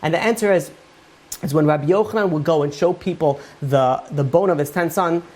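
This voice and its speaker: A man's voice: a little high, fairly quick, darkish tone. Man, rabbi, informal Torah lecture, conversational, lots of fillers, storytelling. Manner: conversational, with many "like" and "you know" fillers; retells Talmud stories and explains them. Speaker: rabbi teaching a Torah class.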